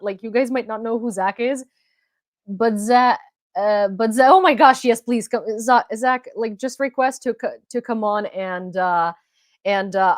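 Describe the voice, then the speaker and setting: A young woman from Ukraine hosting a live-streamed news chat, excitable and rambling, with many restarts. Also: a little high, no echo. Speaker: host and independent reporter. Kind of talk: livestream commentary chat.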